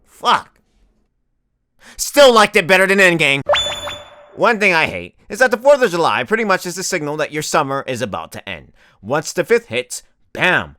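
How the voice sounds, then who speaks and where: A man's voice: a little high, sharp tone, no echo, studio quality. A young man delivering a profane comedic rant as the host of a comedy video, swearing constantly and exaggerating for laughs.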